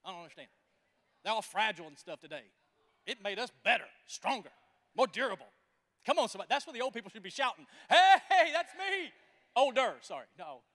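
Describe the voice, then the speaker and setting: High-voiced preacher in reverberant church. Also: male voice, fast talker. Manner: animated, folksy storytelling. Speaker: pastor. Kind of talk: sermon.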